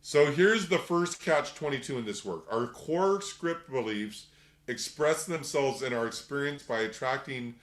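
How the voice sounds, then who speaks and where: A man's voice: medium pitch, expressive. Casual man teaching a group, echoey room. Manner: loose and conversational, acting out little scenes in quick voices. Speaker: workshop teacher. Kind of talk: casual spoken lecture.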